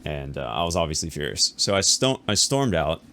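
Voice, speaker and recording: A man with a deep voice tells a business story straight to his viewers in a loose, casual way. He talks quickly, with lots of repeats and restarts, and he acts out the other people he is talking about. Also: slight background noise. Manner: animated retelling, acting out the other people in the story; fast and conversational, with repeats and restarts. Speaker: YouTuber telling a business story.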